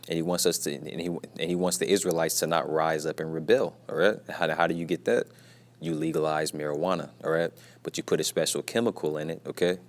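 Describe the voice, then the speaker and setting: A man teaching a casual scripture lesson from his workplace, repeating himself and tagging his lines with "you see" and "man", and keeping his voice down at times. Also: very deep voice. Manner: repetitive, peppers talk with "man" and "you see"; speaks quietly at times, mindful of being at work.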